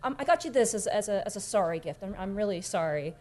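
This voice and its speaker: A woman's voice: mid-range voice, animated, darkish tone, natural voice. A woman voicing a timid young woman in a tabletop game who stammers and trips over her apologies. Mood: apologetic. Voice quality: stammering, halting.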